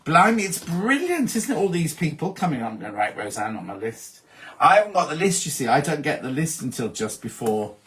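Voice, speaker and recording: A man's voice: on the high side, big pitch swings, a little fast. Chatty man reading viewer comments. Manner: chatty, reads out comments and answers them warmly. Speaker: host. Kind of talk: casual live-stream chat reading viewer comments.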